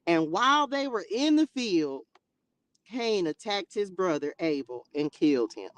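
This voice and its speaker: A woman hosting a livestream who reads scripture and adds animated, slangy, joking commentary. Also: lowish voice, measured pace. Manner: animated, laughing, slangy asides. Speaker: livestream host reading scripture. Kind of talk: bible reading with casual commentary. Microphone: livestream mic.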